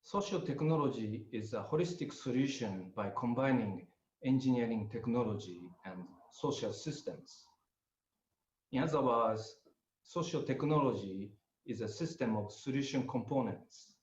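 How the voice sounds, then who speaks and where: A man's voice: mid-range voice, animated, a little hiss or hum. Older Japanese-accented man, hesitant lecturer. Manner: hesitant, many pauses and fillers. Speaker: guest lecturer. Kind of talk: webinar presentation. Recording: roomy, slightly muffled audio.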